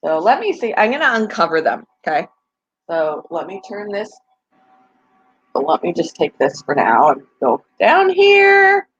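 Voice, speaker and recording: On her pet channel, a woman chats casually with viewers in a live stream, gushing over tiny baby animals and laughing often. Her husky, medium-pitched voice swoops wildly up and down at a measured pace, and the recording sounds muffled.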